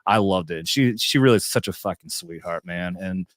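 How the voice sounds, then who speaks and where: A man's voice: deep voice, moderate pace, dry recording, clean studio sound. Rambling, profane man chatting on a show. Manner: rambling, profane, laughs often. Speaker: YouTube show host. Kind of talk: casual chat.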